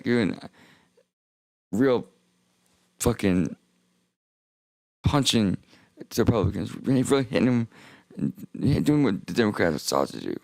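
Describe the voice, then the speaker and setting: A young man streaming a rambling, profane monologue with heavy vocal fry, often stopping and restarting mid-sentence. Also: on the low side, no room sound. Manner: rambling, profane, self-interrupting.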